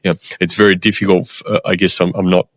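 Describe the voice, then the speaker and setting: Deep-voiced man hosting a podcast. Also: level tone, fast, a bit bright, dry recording. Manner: hesitant, many restarts and fillers, supportive backchannels. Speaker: podcast host. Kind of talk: casual interview chat.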